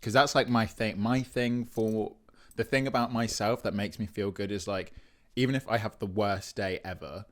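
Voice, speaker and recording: A young man co-hosting a podcast in playful, jokey casual chat with quick asides. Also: fairly low pitch, fairly even intonation. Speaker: podcast co-host.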